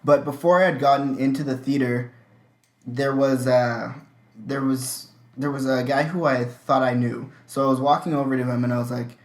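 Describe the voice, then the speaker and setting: A man's voice: medium pitch, steady tone, normal speed. Man telling stories in a roomy echo. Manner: candid, profane anecdote telling. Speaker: podcast co-host. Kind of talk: casual chat.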